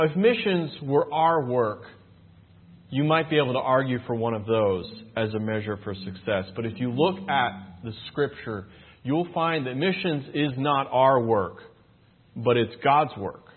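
A man's voice: medium pitch, a little slow, breathy edge. A man preaching a sermon, earnest and emphatic, asking his listeners rhetorical questions and reading Scripture aloud. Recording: tinny phone-like sound.

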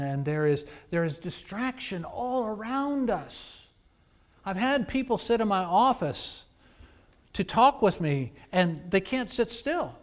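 A pastor delivers a sermon in a high, light male voice. He drops to near-hushed phrases, then rises to emphatic, forceful passages. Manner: preaching with swings between hushed and emphatic.

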